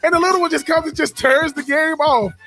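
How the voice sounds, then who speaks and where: A man's voice: very high-pitched, fairly even intonation, brisk, pushed and bright, faint music behind. A man, co-hosting a radio show, telling stories in a casual chat with frequent repeats and laughs. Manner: repeats words and restarts, laughs often.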